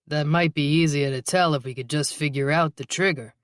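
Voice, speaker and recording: A man's voice: fairly high pitch, fairly even intonation, fairly quick, fairly bright tone, no room sound, natural voice. A man reading a wry, teasing male detective. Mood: dry. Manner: dry, teasing banter. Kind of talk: audiobook dialogue reading.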